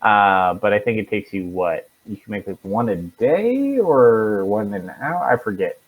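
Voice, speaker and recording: A man's voice: fairly low pitch, sing-song, a little slow. A man as dungeon master, narrating a tabletop game and asking the players questions, thinking aloud with fillers. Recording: dull lo-fi stream audio.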